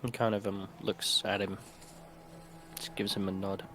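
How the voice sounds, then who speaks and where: A man playing a tabletop role-playing game, soft-spoken and halting, polite when speaking in character. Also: fairly low pitch, little pitch movement, soft background music. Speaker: player.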